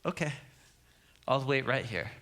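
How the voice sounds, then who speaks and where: A man's voice: mid-range voice, expressive, measured pace, a bit bright, pitched below the performer's own voice. A man voicing a patient, dry-humored divine voice that speaks wryly and matter-of-factly. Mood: indulgent. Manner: wry, matter-of-fact, casual.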